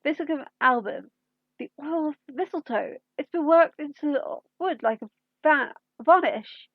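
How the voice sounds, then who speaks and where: A woman reading aloud, voicing an eager, rambling male alien time traveller who thinks out loud. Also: high-pitched, animated, normal speed, no room sound, phone-quality sound, voice pushed up. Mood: musing.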